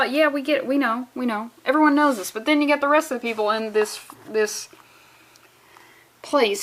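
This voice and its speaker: A woman's voice: high voice, moderate pace. A woman reviewing a comic book in a casual, rambling vlog, sarcastic and full of swearing.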